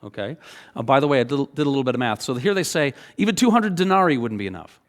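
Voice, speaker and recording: A man's voice: medium pitch, fast. Conversational male pastor preaching. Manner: conversational, animated preaching with frequent "okay?" check-ins. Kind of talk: sermon.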